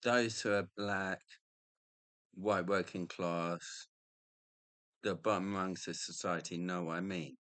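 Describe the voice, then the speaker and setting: A man's voice: sits low, fairly even intonation, slow pace, pauses often, fairly bright tone, no echo. A middle-aged man, ranting in a rambling, profane monologue and tacking on "mate" again and again.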